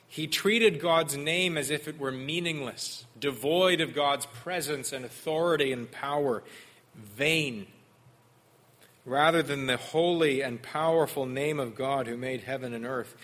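Bright-voiced male preacher. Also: fairly high pitch, a little slow. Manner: earnest expository preaching, mimics sarcastic voices in quotes. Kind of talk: sermon.

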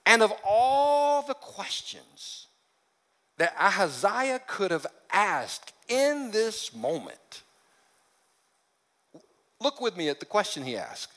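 A man's voice: high-pitched, big pitch swings, takes it slowly, long pauses, fairly bright tone. A man preaching a sermon in a conversational, humorous way, slipping into character voices for the stories he tells. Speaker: pastor. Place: church sanctuary. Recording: long reverb of a large hall.

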